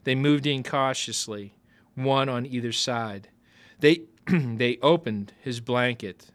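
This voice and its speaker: A man reading a novel aloud as narrator, with lively, expressive storytelling. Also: mid-range voice, slow pace.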